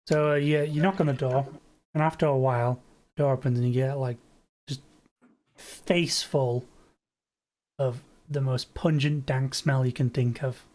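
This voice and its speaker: A man's voice: medium pitch, fairly even intonation, darkish tone. Man narrating as game master. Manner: loose, halting narration with fillers.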